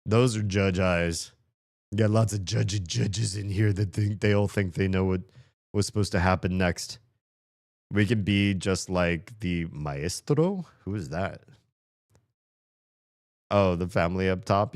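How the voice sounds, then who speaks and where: A man with a low, deep voice gives loose, playful commentary while he streams a story game. He rambles and jokes with his viewers. The sound is dry and close, with no room echo. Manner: playful, chatty, laughs often.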